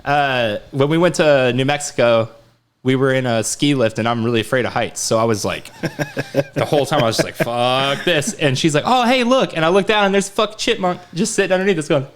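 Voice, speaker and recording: A man with a mid-pitched voice, co-hosting a casual podcast. He tells loose, profane stories and swears freely while chatting. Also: brisk. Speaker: podcast co-host. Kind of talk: casual chat.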